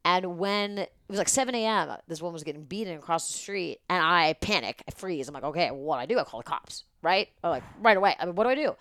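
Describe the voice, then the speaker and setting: Woman guest, low voice, dry close mic, rambling and profane storyteller. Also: fast talker, hardly any pauses, no echo. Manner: rambling, animated, swears freely. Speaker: podcast guest. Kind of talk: casual storytelling chat.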